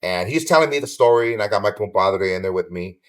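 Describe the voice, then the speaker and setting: Animated older storyteller man from Southern California. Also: fairly low pitch, quick pace. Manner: animated storyteller who swears casually and acts out others' lines. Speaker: podcast guest. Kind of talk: casual storytelling interview.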